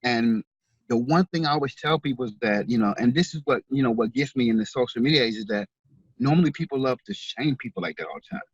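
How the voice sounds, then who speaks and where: An author who organizes a veterans charity speaks as an interview guest, his medium-pitched male voice quick and tinged with breathiness. He sounds earnest and heartfelt, often repeating words. The recording is muffled, with no room sound.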